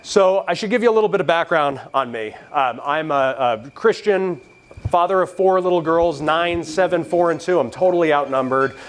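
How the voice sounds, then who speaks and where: A man's voice: a little high, normal speed. A man in his thirties giving a convention keynote, provocative and joking, with a preacher-like delivery. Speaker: keynote speaker. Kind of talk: convention speech. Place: convention stage.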